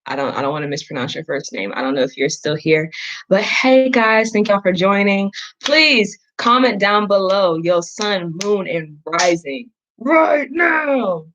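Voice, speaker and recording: A woman's voice: mid-range voice, animated, moderate pace, a bit bright, muffled recording. A woman hosting a live astrology reading, chatting casually with viewers and poking fun at herself. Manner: chatty, talks to the chat, self-deprecating. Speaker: astrology reader, stream host. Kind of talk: casual livestream chat.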